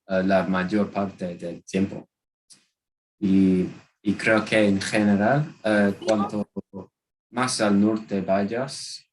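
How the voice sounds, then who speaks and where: A British man with a very low voice answering a panel question over a video call. He speaks casually, stopping often with ums and restarting his sentences, with a faint hiss behind him. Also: low-quality recording. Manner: hesitant, many ums and restarts. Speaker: guest speaker at a language exchange.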